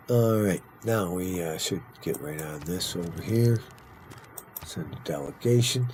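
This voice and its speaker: A man's voice: deep voice, animated, moderate pace, a little mellow, husky, low-quality recording. A man hosting a casual let's-play of a strategy game, chatty and playful, who slips into mock-grand roleplay and sounds tired and punch drunk. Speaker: gaming video host.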